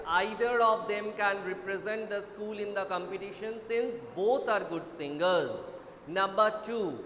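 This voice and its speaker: A man with an Indian English accent teaching an online class, brisk and urging students to hurry, often repeating himself. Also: sits high, fairly bright tone. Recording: echoey room with faint noise.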